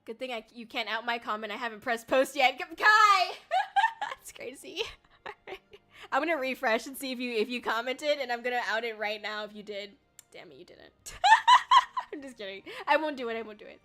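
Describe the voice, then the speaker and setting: A woman's voice: a little high, fast talker, fairly bright tone, faint music behind. A young woman streaming casually, chatty and bubbly, laughing often and swearing lightly as she reads viewer comments. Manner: emotional, tearful when thanked. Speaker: VTuber streamer. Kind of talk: casual livestream chat reading viewer comments.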